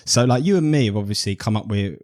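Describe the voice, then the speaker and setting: A man's voice: on the low side, animated, quick pace, a little mellow. A man co-hosting a casual podcast chat, telling stories animatedly and swearing freely. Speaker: podcast co-host.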